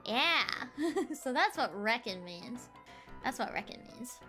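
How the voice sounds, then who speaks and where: A woman's voice: a little high, big pitch swings, slow pace, sharp tone, soft background music. A young woman from the southern United States streaming, chatting casually with giggles. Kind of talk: casual chat.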